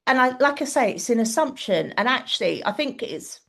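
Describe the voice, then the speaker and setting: Gravelly woman, chatty guest. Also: fairly high pitch, lively intonation, brisk, a bit bright. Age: middle-aged. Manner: conversational, hesitant, many fillers. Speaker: podcast guest. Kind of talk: casual chat.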